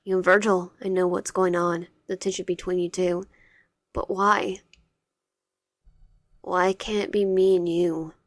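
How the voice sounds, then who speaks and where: A woman's voice: on the low side, no room sound, clean studio sound. A woman voicing a possessive, tearful teenage boy classmate who pleads and clings.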